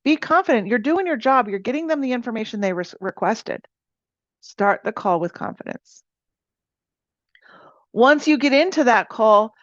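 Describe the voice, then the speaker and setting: A woman's voice: on the high side, dry recording. A woman leading an insurance sales team meeting, coaching her agents with energy and often asking "right?". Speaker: insurance agency team leader. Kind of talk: motivational sales coaching talk. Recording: dull, dry sound.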